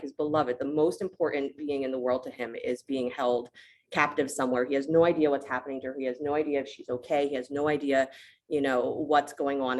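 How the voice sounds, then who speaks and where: A woman yoga teacher who tells a myth to her class in a relaxed, conversational way, often checking in with "right?". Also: low voice, a little hiss or hum.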